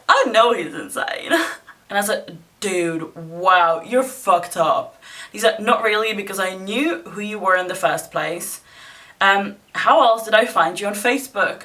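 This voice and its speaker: A woman's voice: medium pitch, sharp tone, far from the mic. A young woman vlogger casually retelling a story, blunt, sarcastic and full of swearing, recorded a bit away from the mic. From not from England, living there.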